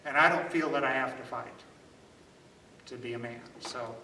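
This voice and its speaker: A man's voice: medium pitch, moderate pace, bright, forceful tone, a little hiss or hum. A man teaching a self-defense workshop in a conversational, demonstrative way, often checking in with "okay?". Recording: echoey room from far off.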